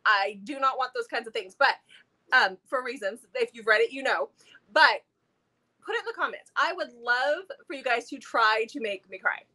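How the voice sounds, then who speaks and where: A woman's voice: a little high, expressive, normal speed, pushed and bright. A woman in her thirties, co-host of a book channel, chatting casually and enthusiastically about books. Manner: enthusiastic, talkative, laughs often.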